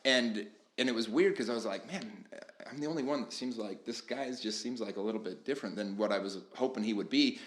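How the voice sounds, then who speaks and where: A man hosting a podcast, relaxed and thoughtful, with a few "uh"s and "um"s as he tells a story. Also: mid-range voice. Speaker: podcast host. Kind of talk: casual podcast chat. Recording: echoey room.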